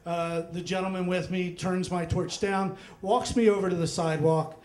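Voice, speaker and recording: Middle-aged guy telling a story at a live slam, highish voice, lots of um and like, laughing along, roomy echo. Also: moderate pace. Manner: animated, laughing, full of asides and fillers. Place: stage at a live story event.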